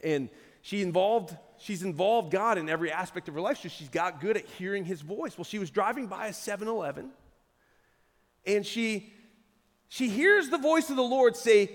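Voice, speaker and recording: A man preaching a sermon as pastor, telling a story with lively quoted voices. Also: high-pitched, a little fast, in a large hall.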